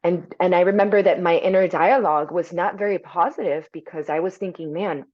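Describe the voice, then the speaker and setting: Lowish woman guest on a podcast, open and reflective, says "you know" a lot, kinda dull lo-fi audio. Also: fairly quick, hardly any pauses. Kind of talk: candid conversational storytelling. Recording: dull lo-fi sound.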